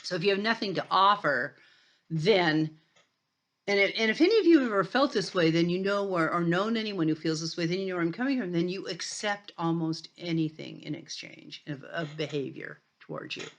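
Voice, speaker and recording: An older woman lecturing on sociology in a conversational way, often pausing with fillers and restarting her sentences. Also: lowish voice, animated. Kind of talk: recorded college lecture.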